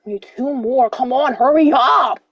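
A woman gamer giving live gameplay commentary, excitable and full of swearing and exclamations. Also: high-pitched, moderate pace, no room sound, soft background music. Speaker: gamer playing online with a partner.

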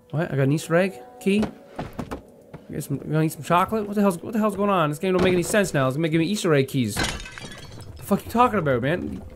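Jumpy, cursing gaming man with wild pitch swings. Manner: profane and jumpy, with sudden high yelps. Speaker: gaming video host. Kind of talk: let's-play commentary. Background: horror game music.

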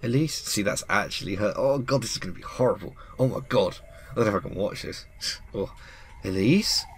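A man's voice: fairly low pitch, quick pace, a little hiss or hum. A man doing casual let's-play commentary, chatty and reactive, often laughing.

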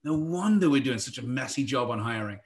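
An English-accented man leads a virtual workshop, talking quickly and breaking into wry joking asides. His voice sits at an ordinary middle pitch for a man. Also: lively intonation. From England. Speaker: workshop presenter. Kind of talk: live virtual workshop talk.

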